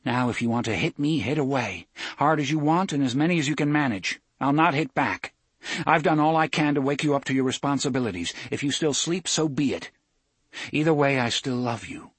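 A man's voice: medium pitch, a little fast, slightly rough, no echo, pitched above the performer's own voice, close to an everyday voice. A man voicing a blunt, loyal young male friend in an audiobook, speaking in an earnest, raised voice.

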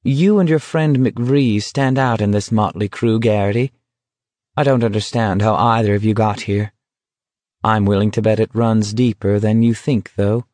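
A man's voice: lowish voice, fairly even intonation, moderate pace, a little mellow, dry recording, lightly acted. A man reading the part of a cynical young man who speaks in a sardonic, clipped, dismissive way.

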